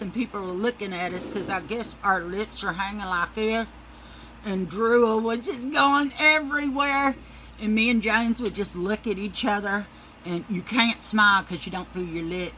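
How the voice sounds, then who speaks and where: A woman's voice: medium pitch, bright, forceful tone, slight background noise, rough recording. A middle-aged woman, telling rambling, profane stories in a casual monologue and calling her listeners y'all.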